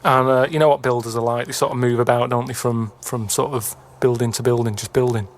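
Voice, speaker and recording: A man's voice: mid-range voice, steady tone, a little fast. A British man telling a rambling anecdote on a comedy podcast, stalling on restarts and fillers. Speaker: podcast guest storyteller.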